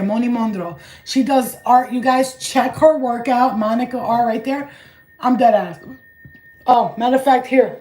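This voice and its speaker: A woman with a New York accent, a spiritual channeler giving a blunt, profane, animated vlog message. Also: a little high, reverberant, a little hiss or hum, low-quality recording.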